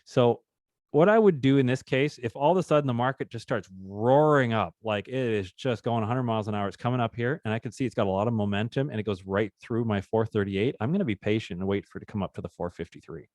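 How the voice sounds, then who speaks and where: A man's voice: medium pitch, fast, a little mellow, no room sound. A man hosting a live trading session, talking through charts in a chatty, upbeat way and joking with the group. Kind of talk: casual live trading demonstration.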